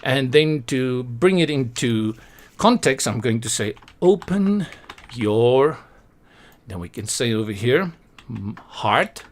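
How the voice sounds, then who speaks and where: A man's voice: mid-range voice, expressive, measured pace. A man hosting a web design tutorial, talking casually over a screen recording with joking asides and a self-deprecating manner.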